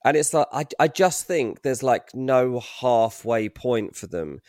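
A male pundit on a football podcast talks in a rambling, opinionated way. His voice is mid-pitched and recorded dry and close. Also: lively intonation, measured pace, a little mellow, no room sound. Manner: opinionated, rambling, many fillers. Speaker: transfer pundit. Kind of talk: casual football podcast chat.

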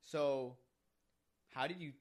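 Young guy cohost, mid voice, quick jokey reactions. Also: mid-range voice. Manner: joking interjections and quick reactions. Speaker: co-host. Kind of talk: casual chat.

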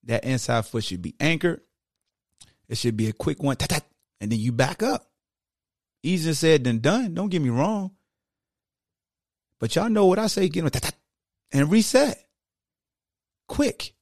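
A man hosting a podcast, breaking down football technique in a casual, animated, slangy coaching manner. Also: a little high, moderate pace, long pauses, no room sound, clean studio sound. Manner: slangy, conversational. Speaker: podcast host.

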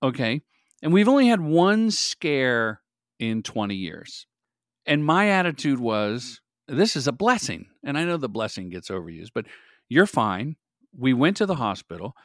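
Energetic middle-aged man telling stories. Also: mid-range voice, unhurried, no room sound, studio quality. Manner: energetic, animated storyteller. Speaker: guest, filmmaker. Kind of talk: casual interview storytelling.

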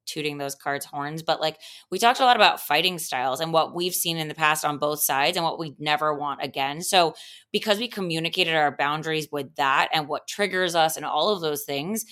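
A woman's voice: low-pitched, fairly bright tone. A woman co-hosting a podcast, talking in a thoughtful, analytical way about relationships. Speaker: podcast co-host. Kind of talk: casual chat.

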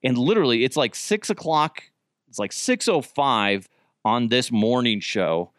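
A man in his thirties hosting a podcast, telling old radio stories in a rambling, profane, animated way with frequent restarts. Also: medium pitch, measured pace, no echo, clean studio sound. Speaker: podcast host, former radio producer. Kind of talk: casual storytelling.

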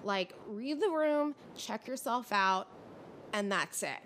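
Podcast host, young woman, slightly high voice, fired-up casual rant, faint low rumble underneath. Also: slow pace. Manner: ranting, animated, frustrated. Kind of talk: casual reality TV recap.

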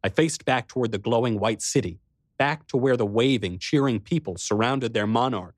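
A man reading a first-person adventure story aloud with expressive storytelling. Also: mid-range voice, moderate pace, dry recording, clean studio sound. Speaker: narrator. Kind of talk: first-person audiobook narration.

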